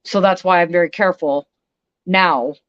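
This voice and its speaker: A woman's voice: lowish voice, moderate pace, lo-fi sound. Blunt, swearing woman ranting on a stream. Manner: blunt, profane, emphatic. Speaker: vlogger. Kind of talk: casual livestream rant.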